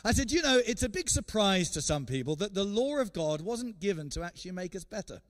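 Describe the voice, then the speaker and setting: Animated evangelist preaching. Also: male voice, high-pitched, a little fast. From England. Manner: animated storytelling with frequent repeated words. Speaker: evangelist guest speaker. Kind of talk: sermon with storytelling.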